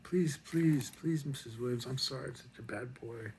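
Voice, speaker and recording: A man's voice: mid-range voice, normal speed, darkish tone, slight background noise, voice pushed up, natural voice. A man voicing his younger self as a remorseful little boy begging his teacher not to cry. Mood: pleading. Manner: pleading, apologetic.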